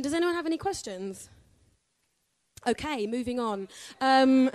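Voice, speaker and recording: A woman's voice: a little high, a little slow, pauses often, a little mellow, no room sound. A woman, chatting in a bubbly, casual way as a singer answering questions from a live audience. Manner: bubbly, chatty, laughs often.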